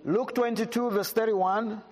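A woman delivers a sermon in short phrases, stretching out each scripture line with weight and deliberation. She speaks at an unhurried pace, and her voice carries a long reverberation, as in a big hall. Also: on the high side, steady tone, a little mellow. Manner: slow, emphatic scripture reading with pauses for translation. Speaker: visiting preacher. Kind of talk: sermon with interpreter.

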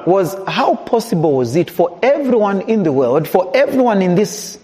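A man preaches to his congregation, his voice pitched high and leaping up and down as he presses each point. The sound carries a long reverb, as from a church hall. He builds to emphatic calls. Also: big pitch swings, normal speed, mellow. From Zambia. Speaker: pastor. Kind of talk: sermon.

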